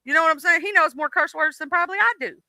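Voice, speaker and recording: A man with a Southern US drawl talks in a high, very bright voice, lively and unfiltered, cursing freely as he chats with friends on his stream. The sound is close and dry. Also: racing, dry recording. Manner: animated, swearing freely, loud asides. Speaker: stream host. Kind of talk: casual chat.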